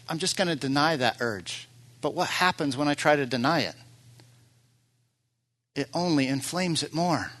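A male pastor delivering a sermon in a slightly higher-pitched voice. He preaches earnestly, swelling to loud, emphatic peaks before sinking back to quiet, prayerful lines.

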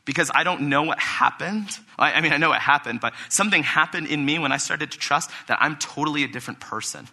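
A young man giving a casual, conversational sermon to a congregation, animated and quick to act out quotes. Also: on the high side. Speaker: preacher. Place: church hall with a congregation.

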